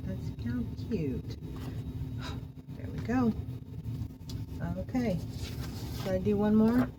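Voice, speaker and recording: A woman chatting casually while she does crafts, soft-spoken and a little mumbly. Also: medium pitch, slow pace, background noise. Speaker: crafting vlogger.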